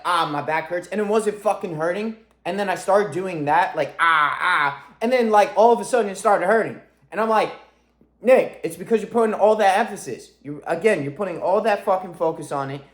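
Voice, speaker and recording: A young man in his twenties talks fast and fierce in a fairly high voice, swearing freely as he pushes a motivational message. The sound is roomy and echoey, like a bare room at home. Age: 20s. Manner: intense, profane, self-driven. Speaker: fitness coach. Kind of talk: motivational vlog monologue.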